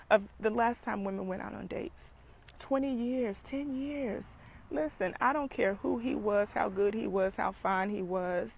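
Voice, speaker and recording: Gravelly-voiced woman coach. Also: mid-range voice, low-quality recording. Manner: emphatic, preachy, repeats for emphasis. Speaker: dating coach and speaker. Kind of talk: motivational talk.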